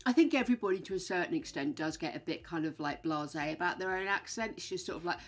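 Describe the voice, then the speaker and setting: A woman's voice: fairly low pitch, lively intonation, quick pace, soft background music. A woman chatting casually with her stream viewers, frank and chatty, swearing now and then. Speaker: game streamer.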